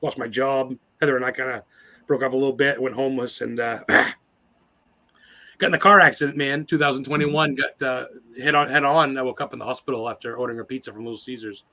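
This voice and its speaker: A man's voice: medium pitch, steady tone, fast talker, pushed and bright. A man in his forties, a guest on an interview show, telling personal stories in a rambling, profane and emotional way. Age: 40s. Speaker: podcast guest. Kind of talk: casual interview storytelling.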